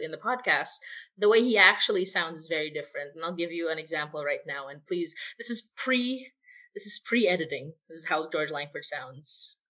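A woman's voice: on the low side, bright, forceful tone. A woman podcast creator talking casually about writing and voicing her characters, rambling with many fillers. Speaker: podcast creator, writer and voice actor. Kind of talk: casual cast Q&A on a video call. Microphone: video call mic.

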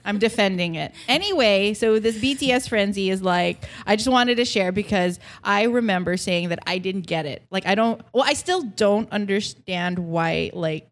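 A woman co-hosting a podcast in casual chat. She talks in an animated way, laughs often and mixes English with Tagalog. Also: medium pitch, moderate pace. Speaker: podcast co-host.

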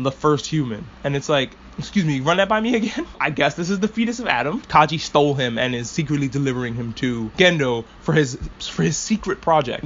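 A man's voice: a little high, fairly bright tone, muffled recording, a little hiss or hum. A man hosting a casual anime discussion podcast, rambling and swearing freely as an enthusiastic fan. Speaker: podcast host.

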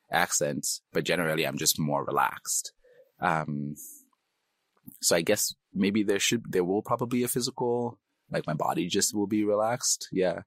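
Very deep-voiced reflective man, slight Nigerian accent. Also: no echo. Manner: reflective, hedging, laughs easily. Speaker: interviewee. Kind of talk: casual interview.

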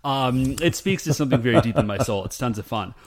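A man co-hosting a podcast, talking in a rambling, animated way with lots of fillers. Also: medium pitch, fast. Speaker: podcast co-host. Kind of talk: casual chat.

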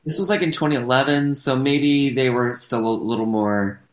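An American man, an actor and comedian, chatting casually on a podcast in a rambling, self-correcting, animated way. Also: mid-range voice, moderate pace. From United States. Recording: roomy echo.

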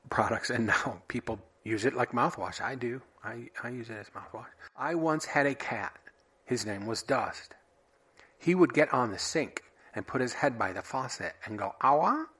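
A man hosting a solo podcast, sharing random thoughts in a wry, offhand, deadpan way. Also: medium pitch, husky. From United States. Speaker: podcast host.

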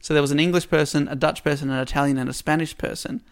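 Guy cohosting a chat, slightly high voice, jokey retelling w/ lots of laughs. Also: fairly even intonation, fast talker, clear, resonant tone. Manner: laughs often, retells with playful asides. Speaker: podcast co-host. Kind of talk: casual chat retelling a story.

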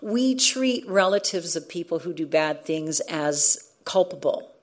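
A woman's voice: lowish voice, lively intonation, a little slow. A middle-aged woman, a radio journalist, telling a story earnestly in conversation, with frequent restarts. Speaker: radio journalist and former show host.

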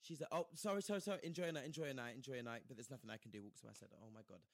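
A man's voice: mid-range voice, racing, vocal fry, no echo, studio quality. A man telling a story in casual chat, acting out the people he quotes. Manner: animated, acts out quoted voices, slangy.

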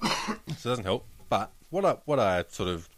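A man's voice: on the low side, very animated, normal speed, fairly bright tone, no room sound. A man with an Australian accent, chatting casually as a podcast co-host, swearing freely and laughing at his own jokes. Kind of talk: casual chat.

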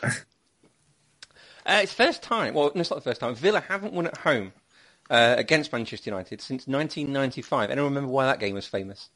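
A man's voice: mid-range voice, expressive, fairly quick, fairly bright tone. A man hosting a casual football podcast, chatty with wry asides. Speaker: podcast host.

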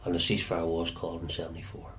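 Deep-voiced Northern Irish man, halting. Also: monotone. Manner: halting, repeats words as he searches for them. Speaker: interviewee recalling his past. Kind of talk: reflective storytelling.

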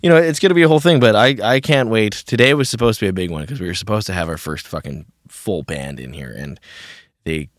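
Casual young man hosting a podcast, low voice. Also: animated, fast, no room sound, clean studio sound. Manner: loose, swears often, many fillers. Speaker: podcast host. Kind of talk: casual chat. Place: small home studio.

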